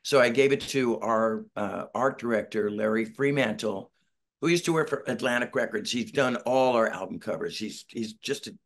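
Speaking at normal speed in a mid-range voice, a middle-aged man chats on a video call from home in Northern California as an interview guest. He's in a band, and he wanders through a story, performing quotes and putting himself down with humor.

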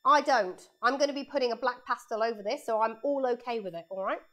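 A fast-talking woman with a voice on the high side and a slightly bright tone teaches kids painting live in her studio. She explains each step as she draws and chats along the way into a lapel microphone.

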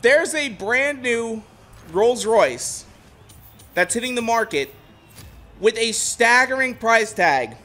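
Brief: young male streamer, high, bright voice, excitable and rambling, casual game chat. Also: slow, pauses often. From Ohio, USA. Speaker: gameplay streamer. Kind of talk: casual gameplay commentary.

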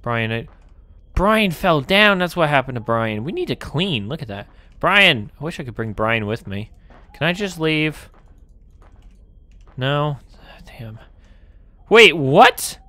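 A man with a slightly high, bright and sharp voice, recorded close and dry. He narrates a horror game as he plays, muttering to himself, swearing freely and jumpy at every noise. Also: no echo. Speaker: gaming channel host. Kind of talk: horror game let's play commentary.

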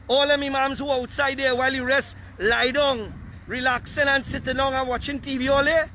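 A man's voice: extremely high pitch, a bit bright, low-quality recording. A Trinidadian man making an impassioned, blunt appeal outdoors while handing out food to a crowd. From Trinidad and Tobago. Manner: ranting, pleading, blunt. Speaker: community food distributor. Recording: wind and traffic noise outdoors.

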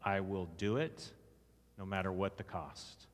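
A man's voice: deep voice, unhurried. Texan man preaching in an echoing church hall. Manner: emphatic, asks the audience questions, reads scripture aloud. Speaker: conference speaker. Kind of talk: sermon-style teaching. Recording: long echo of a church hall.

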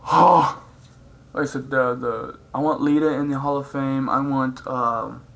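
A man's voice: mid-range voice, gravelly, sharp tone, a little hiss or hum, poor audio. Hyper, crude joking man vlogging. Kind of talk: casual rambling vlog chat.

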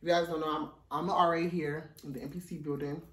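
A young man, filming a casual try-on haul in his dorm room, out of breath, playful and sassy, with excited high squeals. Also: fast, distant mic, background noise. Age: young adult. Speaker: vlogger. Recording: roomy, from off the mic.

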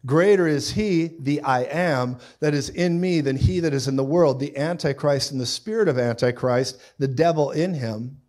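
Preacher, man, middle-aged, lively sermon delivery, slightly high-pitched. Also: moderate pace, few pauses. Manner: animated storytelling, acts out voices with loud sound effects.

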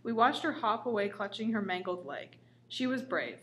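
A woman's voice: medium pitch, expressive, normal speed, fairly bright tone, slight background noise. A woman reading a comic story aloud in a casual way, with small stumbles. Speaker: story reader.

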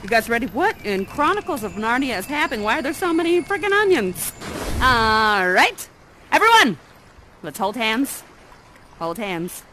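A woman's voice: a little high, big pitch swings, moderate pace, noisy background. A woman playing an exiled mother sorceress in live interactive theater, coaxing and playfully dramatic, doting on her audience. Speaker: immersive theater actor.

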